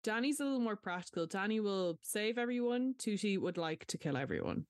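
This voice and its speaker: A woman's voice: medium pitch, lively intonation, fairly quick, no room sound, clean studio sound. A young woman co-hosting a podcast, chatting casually and retelling film scenes with animation. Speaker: podcast co-host.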